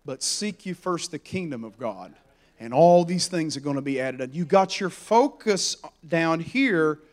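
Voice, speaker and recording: A man preaching a sermon, animated and storytelling as he acts out the voices in the stories. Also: fairly high pitch, a little slow.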